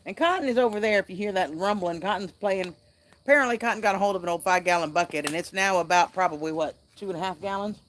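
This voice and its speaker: A woman's voice: mid-range voice, quick pace, slight background noise. A woman hosting a casual outdoor livestream by a fire, chatting and reading viewer comments aloud. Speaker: livestream host.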